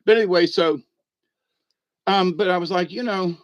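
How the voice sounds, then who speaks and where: A middle-aged man rambles through an irreverent comic monologue in a folksy way, often chuckling at his own jokes. His voice sits a little high for a man. The sound is dry, with no room echo. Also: fairly even intonation, moderate pace, muffled recording. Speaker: vlog host.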